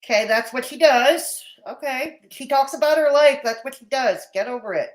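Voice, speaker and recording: A woman's voice: high-pitched, moderate pace. A woman hosting a live commentary stream, blunt and mocking in tone, with a Canadian accent. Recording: roomy echo.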